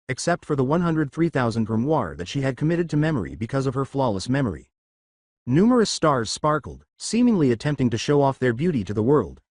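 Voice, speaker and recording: Male narrator for fan fiction, lively pitch, dry close sound. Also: no echo.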